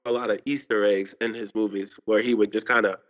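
Man, co-host, low pitch, dull lo-fi sound, hesitant delivery. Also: flat delivery, a little fast. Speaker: podcast co-host. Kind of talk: casual chat.

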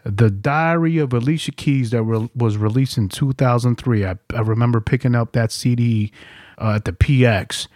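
The podcast host, a forty-something ex-Marine from New York, swaps stories in relaxed conversation, swearing liberally and laughing often. His medium-pitched voice moves at normal speed, captured in studio quality with no room sound.

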